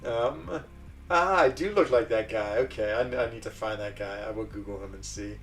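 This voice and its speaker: A man's voice: lowish voice, moderate pace, recorded from a distance, faint music behind. A man hosting a livestream, chatting casually in a rambling way and laughing often. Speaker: livestream host.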